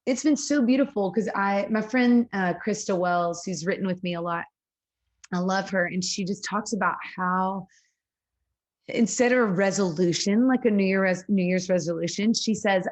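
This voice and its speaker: Earnest, laughing woman songwriter. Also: medium pitch. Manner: earnest, animated, quick laughs, lots of "like". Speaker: singer-songwriter guest. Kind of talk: casual interview conversation.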